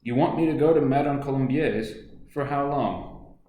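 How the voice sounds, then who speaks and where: A man's voice: mid-range voice, moderate pace, warm tone, voice pushed up, natural voice. A man voicing a spirited, wary young woman in a storybook reading, blunt and guarded. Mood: wary firm. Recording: echoey room.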